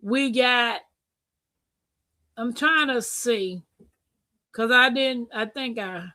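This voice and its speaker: A woman hosting a live-stream talk show, chatting casually, reading comments aloud and telling stories with animated bursts and laughter. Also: a little high, very slow, dry recording. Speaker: livestream host.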